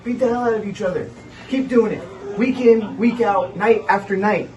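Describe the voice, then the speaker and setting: Cocky wrestler taunting from a distance. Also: male voice, high-pitched, normal speed, darkish tone, highs cut off. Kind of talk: wrestling promo. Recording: distant mic with light noise.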